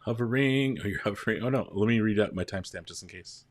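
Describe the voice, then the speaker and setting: A man's voice: fairly low pitch, fast, no room sound. A man hosting a casual livestream, chatting with viewers, greeting them by name and counting down. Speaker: livestream host.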